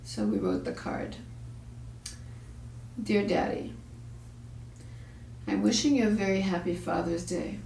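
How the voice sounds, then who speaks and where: A woman's voice: mid-range voice, very animated, slow, vocal fry, pauses often, mellow, slight background noise. A woman hosting a parenting talk, telling a story bluntly and with profanity, acting out the voices she quotes. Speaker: parenting show host. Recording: echoey room, far from the mic.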